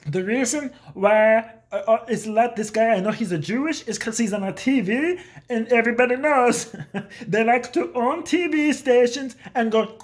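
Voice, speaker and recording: A man's voice: very high voice, lively intonation, normal speed. A man in his thirties telling rambling, profane, jokey stories in a casual monologue. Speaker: vlogger.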